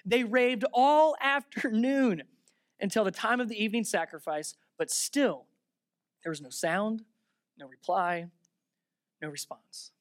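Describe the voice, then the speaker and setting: Animated preacher retelling scripture, dry sound. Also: male voice, sits high, a little slow, long pauses, dry recording. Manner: animated storytelling, shifting from loud sarcasm to hushed reverence; talks aside to the listeners between verses. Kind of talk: sermon, retelling and reading scripture.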